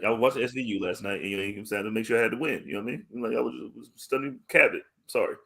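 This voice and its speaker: A bright-toned man trading jokes on a podcast. He laughs often and talks in loose slang. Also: mid-range voice, racing, creaky, breathy edge. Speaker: podcast co-host. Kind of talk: casual chat.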